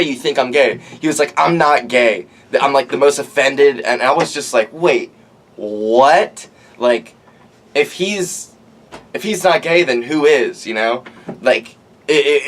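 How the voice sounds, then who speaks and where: A young man talks through a story outdoors in an animated, meandering way. He keeps dropping "like" and curse words and acts out what others said. His voice sits at an ordinary middle pitch. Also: moderate pace. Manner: rambling, profane, animated, lots of "like". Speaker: podcast host. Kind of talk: casual storytelling monologue.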